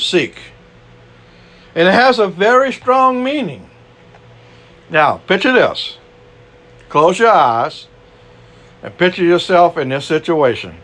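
Cajun preacher with a slightly high voice. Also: male voice, fairly bright tone. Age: older. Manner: conversational, frequent "you know", rhetorical questions. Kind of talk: sermon.

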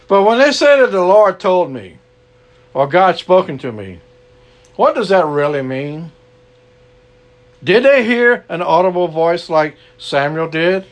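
A man's voice: high-pitched, sing-song, measured pace, pauses often. A man preaching an earnest sermon to an online gathering, repeating his key lines and closing in prayer.

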